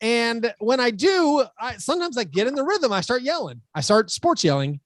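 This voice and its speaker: A man hosting a podcast in casual chat, energetic and self-deprecating, talking over a remote computer call. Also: very high voice, normal speed, dry recording, studio quality. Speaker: podcast host.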